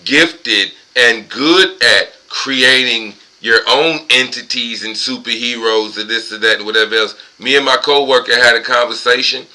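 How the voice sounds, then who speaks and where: A man's voice: mid-range voice, bright, forceful tone, poor audio. A buzzed man rambling and ranting profanely at home in a casual vlog monologue. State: tipsy and high. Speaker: vlogger.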